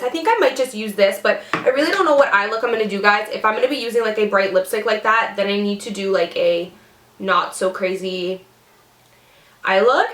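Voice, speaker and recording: A woman's voice: a little high, a bit bright, reverberant. A young woman vlogger chatting casually while doing her makeup, bubbly and full of "like" and "seriously". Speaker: beauty vlogger. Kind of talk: casual get-ready chat.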